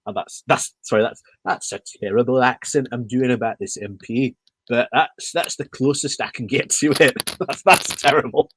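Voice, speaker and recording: A man giving mocking, casual commentary on a video clip, sarcastic and halting with fillers and laughs. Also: medium pitch, a bit bright, a little hiss or hum.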